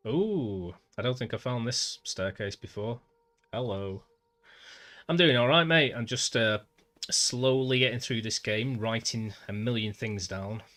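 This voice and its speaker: Streaming a game, a man from Manchester, England talks to his chat in a mid-range, slightly bright voice, a little slowly. His Northern English accent comes through as he chats away, frequently saying "mate."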